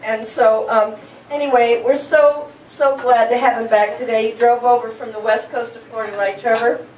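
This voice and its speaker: Female organizer, loose, halting intro with a fairly high voice, miked from afar in a roomy hall. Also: steady tone, darkish tone, slight background noise. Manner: halting, chatty, with fillers. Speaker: event organizer introducing the speaker. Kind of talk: casual introduction. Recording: echoey hall, voice from far off.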